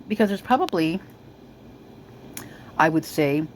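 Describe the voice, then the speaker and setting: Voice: medium pitch, animated, a little slow, a little hiss or hum, poor audio. A person casually talking over news footage as a video commentator, rambling with many fillers and restarts and sounding suspicious and speculative.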